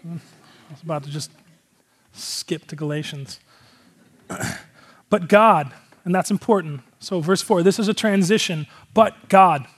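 A man's voice: fairly high pitch, measured pace, pauses often, husky. A male pastor giving a casual, conversational sermon, earnest and rambling, with a lot of filler words.

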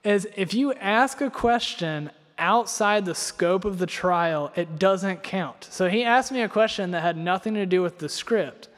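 A young preacher from North Carolina gives a sermon packed with personal stories, rambling, poking fun at himself, and leaning heavily on filler words. His slightly high, somewhat bright voice moves unhurriedly with few pauses and rings out with long reverb through a church hall.

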